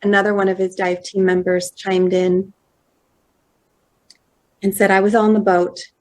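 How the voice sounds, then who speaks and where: A woman in her thirties giving a personal storytelling talk at a conference, slow and measured, acting out quoted dialogue. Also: mid-range voice, little pitch movement. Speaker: conference speaker. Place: conference hall.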